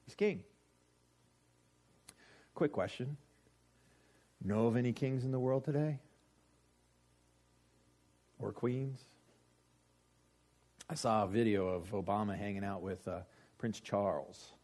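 A pastor preaching a sermon to his congregation, joking and swelling loud for emphasis. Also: fairly low pitch, fairly even intonation, a little slow, long pauses.

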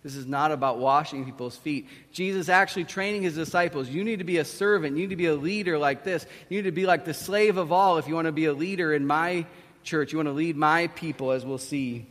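An animated male preacher tells a storytelling sermon and acts out the quotes. His voice sits fairly high, and a long hall reverb lingers after his words. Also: fast talker.

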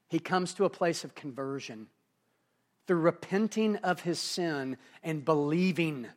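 Male preacher, high-pitched, sermon delivery that drops soft then builds to emphatic runs. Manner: dynamic preaching, swings from hushed to emphatic. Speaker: pastor.

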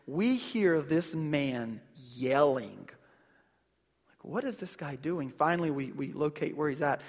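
A man's voice: on the high side, big-room sound. A man in his thirties preaching a sermon as a pastor, in a conversational style with stories and rhetorical questions to the congregation. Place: church sanctuary.

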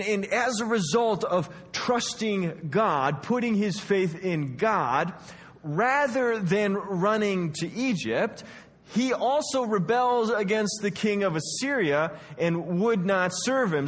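High-voiced man teaching a lively Bible lesson. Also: big-room sound. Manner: lively storytelling, acting out quotes.

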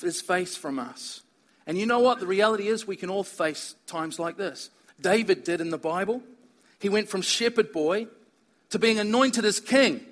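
A man's voice: high voice, sharp tone. A man preaching a sermon in an earnest manner, rising to emphatic stress on key points. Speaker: pastor.

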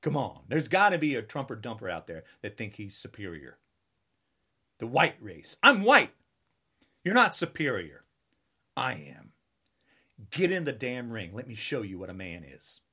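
A man in his sixties rants in a combative, taunting way and keeps hammering the same lines. His pitch swings wildly between high and low as he goes. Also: sing-song, unhurried, pauses often, pushed and bright, slightly rough. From United States. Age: 60s. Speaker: political ranter. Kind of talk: angry political rant.

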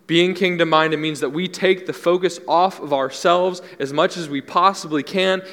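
A man's voice: medium pitch, a bit bright. A young adult man preaching a sermon as pastor, earnest and conversational, repeating key phrases for emphasis. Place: church hall. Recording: long hall reverb.

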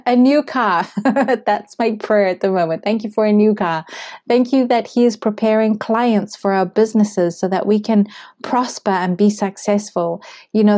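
A woman's voice: mid-range voice, warm tone. A woman from Zimbabwe hosting a devotional podcast, talking in an earnest, reflective, conversational way. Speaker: podcast host.

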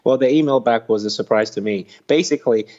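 A man, an interview guest, earnestly telling the story of his faith and ministry in a casual, animated way. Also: mid-range voice, fast talker. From England. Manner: earnest storytelling, animated recounting of spiritual experiences. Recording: slightly dull lo-fi audio.

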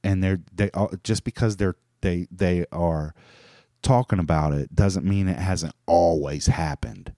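A man's voice: low voice, a little slow, dark tone, no echo, studio quality. A man hosting a solo talk show, rambling in a loose, profane monologue full of restarts and fillers. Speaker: podcast host.

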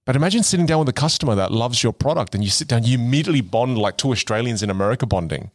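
A man's voice: medium pitch, lively intonation, very fast, no room sound, studio quality. A man co-hosting a podcast who talks in an upbeat, chatty way and uses casual slang. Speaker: podcast co-host.

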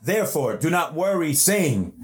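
A male pastor preaching a sermon with emphatic delivery, slowing down and speeding up, often repeating and restarting words. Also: on the high side, sing-song, reverberant.

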